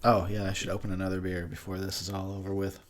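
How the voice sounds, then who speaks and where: A man's voice: deep voice, monotone, fast. A young man giving crude, joking commentary over a movie while drinking beer, laughing often. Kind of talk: casual drunk movie commentary.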